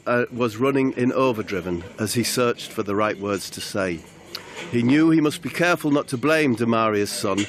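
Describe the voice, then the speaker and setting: A man narrating an improvised comic crime story in a mock-dramatic, deadpan way. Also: mid-range voice. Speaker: comedy podcast narrator.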